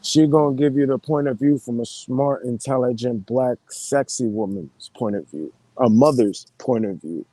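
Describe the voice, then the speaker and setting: A man live streaming in relaxed, slangy casual chat, greeting his viewers as he talks. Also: mid-range voice, normal speed, hardly any pauses, no echo.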